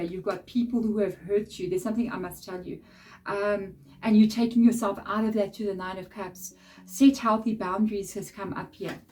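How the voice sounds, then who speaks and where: A woman giving a casual, chatty tarot reading straight to her viewers, blunt and direct with frequent laughs. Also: mid-range voice. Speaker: tarot reader. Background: soft background music.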